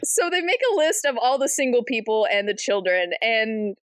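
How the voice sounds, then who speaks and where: High-pitched woman chatting about a book, animated, acts out lines, dry close sound. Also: moderate pace, clean tone, no echo. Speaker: book club podcast co-host. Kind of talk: casual book discussion.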